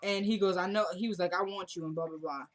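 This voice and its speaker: A woman's voice: lowish voice, quick pace. A young woman casually recapping a TV drama episode, retelling scenes and quoting the characters in a chatty way.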